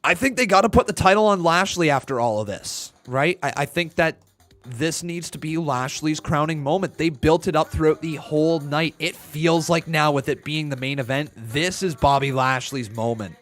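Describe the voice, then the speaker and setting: An excitable man hosts a live stream, talking over the show with his chat. His voice sits a little high, and he slides easily from chatty analysis into playful outrage and shouted chants. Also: normal speed, faint music behind. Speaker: streamer and wrestling commentator. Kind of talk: live watch-along commentary.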